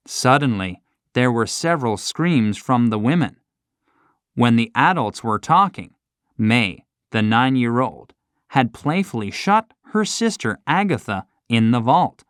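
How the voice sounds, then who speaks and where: Slow, expressive male storyteller. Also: mid-range voice, no echo, studio quality. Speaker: narrator. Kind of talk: scripted story narration.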